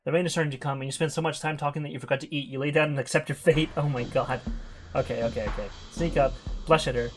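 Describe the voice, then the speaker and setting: A man's voice: on the high side, steady tone, quick pace, music in the background. A man streaming, reading a text adventure aloud and reacting live, laughing often and swearing in surprise.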